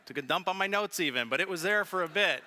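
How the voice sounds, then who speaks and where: A man preaching a sermon as pastor, telling funny family stories with lively animation. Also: high-pitched, fast. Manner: storytelling with humor, animated. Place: church sanctuary.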